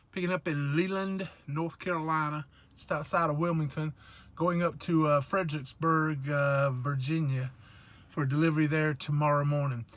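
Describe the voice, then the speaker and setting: Sitting in his truck cab, a trucker vlogger from the South Georgia and North Florida area chats and jokes in a loose, wandering way. His Southern-accented voice is a little high and somewhat bright.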